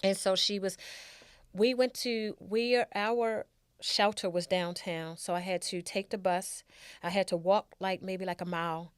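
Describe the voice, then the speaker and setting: Heartfelt middle-aged woman, low voice. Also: smooth, no echo, clean studio sound. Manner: candid, heartfelt. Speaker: storytelling guest. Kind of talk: personal life storytelling.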